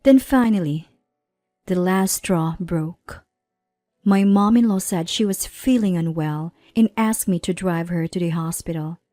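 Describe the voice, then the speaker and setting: A woman in her thirties narrating a personal story in a measured, plaintive way. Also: on the low side, mellow, no room sound, faint music behind. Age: 30s.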